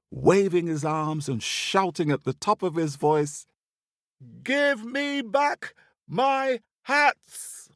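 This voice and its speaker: A man from Antigua, telling a folk tale for children in a playful, expressive way. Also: mid-range voice, no room sound, studio quality. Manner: playful, expressive, with big rises for drama. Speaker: storyteller. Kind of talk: storytelling for children.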